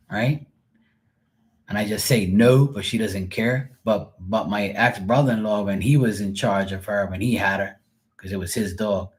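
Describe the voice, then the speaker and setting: On a live stream, a middle-aged man with a lowish, darkish voice chats loosely and drifts between stories. He acts out the people involved, giving them voiced lines.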